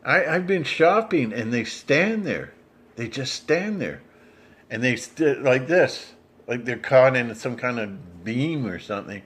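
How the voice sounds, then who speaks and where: Man, mid pitch, casual vlogger monologue, stumbling and repeating words. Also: animated, a bit bright, husky. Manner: halting, repeats words, many restarts. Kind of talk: rambling monologue.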